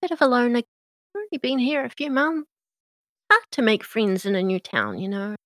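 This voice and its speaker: A woman's voice: on the high side, big pitch swings, moderate pace, fairly bright tone, voice pushed up. A woman voicing a bubbly, chatty female diner owner who gossips freely.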